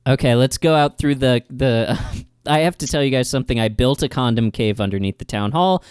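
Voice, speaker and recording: A man voicing a cheeky young boy in an improv comedy scene, brash and deadpan about absurd schemes. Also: medium pitch, fairly quick, clear, resonant tone, dry recording, clean studio sound, natural voice. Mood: scheming.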